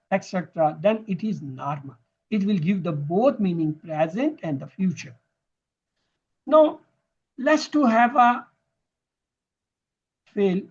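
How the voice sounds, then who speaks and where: Slow, husky male grammar teacher. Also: high voice, darkish tone. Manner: explains slowly, repeats words for stress. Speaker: Quran and Arabic grammar teacher. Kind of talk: classroom lesson. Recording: dull lo-fi recording.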